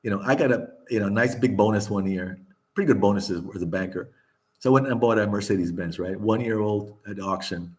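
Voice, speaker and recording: A man's voice: lowish voice, brisk, darkish tone. An older man hosting a casual chat, talking candidly, laughing often, swearing and repeating himself. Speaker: vlog host.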